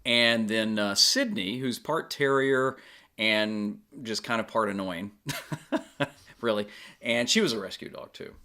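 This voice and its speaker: A man's voice: on the low side, unhurried. A man co-hosting a podcast in casual chat, telling stories in a playful, jokey way. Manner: animated storyteller, playful and jokey. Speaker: podcast co-host.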